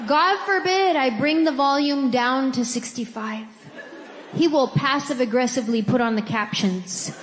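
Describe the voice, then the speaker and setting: Woman comedian, high voice, wry conversational stand-up, acts out quotes, faint noise. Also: a little slow, crowd noise. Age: adult, married. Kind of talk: stand-up storytelling.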